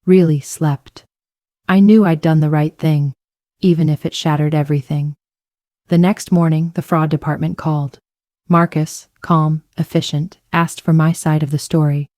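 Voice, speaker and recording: A woman tells a dramatic first-person story in a low, mellow voice. The recording is dry and close, with no room sound. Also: steady tone, normal speed, no echo. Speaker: narrator.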